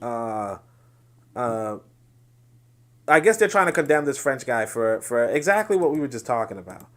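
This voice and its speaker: A man's voice: mid-range voice, big pitch swings, moderate pace, fairly bright tone. A man hosting a podcast, giving emphatic solo commentary on social media posts in a lecturing way. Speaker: podcast host.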